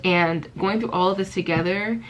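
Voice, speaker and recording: A young woman in a casual reading vlog, talking emotionally and excitedly about a book at home, tearful at times. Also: on the low side, moderate pace, a little hiss or hum. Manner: animated, emotional, exclamatory. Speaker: book vlogger.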